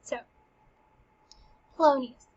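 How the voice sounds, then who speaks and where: A woman's voice: slow pace, darkish tone, highs cut off. A woman teacher casually explaining a play, chatty and full of "like". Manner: chatty, uses "like" a lot.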